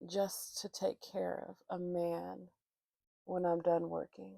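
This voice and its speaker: Woman vlogger rambling thru a story, lots of swearing, bit of vocal fry, dead dry room. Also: fairly low pitch, little pitch movement, slow, dark tone, dry recording. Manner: candid, profane, rambling with restarts. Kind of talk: casual storytelling chat.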